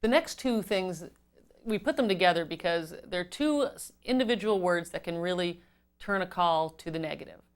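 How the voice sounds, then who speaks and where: A woman giving an instructional talk on customer service as a trainer, measured and explanatory, stressing key words. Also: fairly low pitch, animated.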